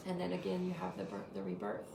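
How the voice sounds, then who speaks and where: Gravelly-voiced woman teaching spirituality. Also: on the low side, sing-song, fast talker, reverberant, background noise. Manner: leads affirmations, many "you know" fillers. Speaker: spiritual teacher hosting the episode.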